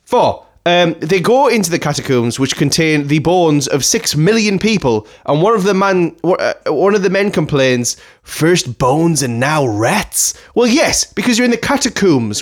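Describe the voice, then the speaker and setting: A man's voice: a little high, very animated, moderate pace, few pauses. A man, co-hosting a casual film review podcast and listing the film's faults with sarcasm. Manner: sarcastic, lists complaints point by point. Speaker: podcast co-host.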